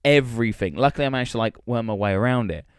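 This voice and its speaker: A young man tells a story at a fast clip on a podcast, swearing freely and acting out each line of dialogue. His voice sits at an ordinary pitch and is recorded close and dry, with no room sound. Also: clear, resonant tone, no room sound. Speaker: podcast co-host. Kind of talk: casual chat, storytelling.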